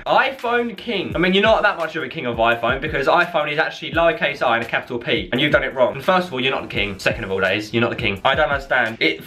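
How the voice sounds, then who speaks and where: A man's voice: mid-range voice, pushed and bright. A young English man vlogging casually, cheeky and slangy, often laughing as he reacts to comments. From England. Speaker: YouTuber.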